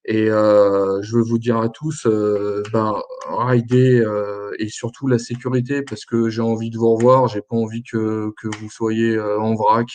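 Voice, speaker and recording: A man from France with a French accent, a company founder guesting on a livestream, speaking hesitantly with many filler pauses. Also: fairly low pitch, flat delivery, a little mellow, slight background noise. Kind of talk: casual livestream interview.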